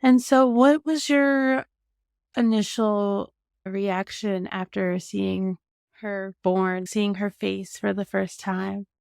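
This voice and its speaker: A woman's voice: medium pitch, steady tone, takes it slowly, gravelly, darkish tone, clean tone, no echo, clean studio sound. A woman hosting a podcast, talking casually and sharing her own experience, with frequent fillers. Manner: chatty, many fillers like "like" and "literally". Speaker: podcast host. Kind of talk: casual conversational interview.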